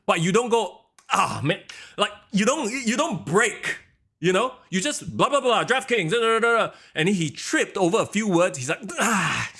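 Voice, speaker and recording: Man, fairly high lively voice, podcast co-host who rants and mimics commentators. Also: moderate pace. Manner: animated, ranting, mimics announcers. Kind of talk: casual wrestling podcast chat.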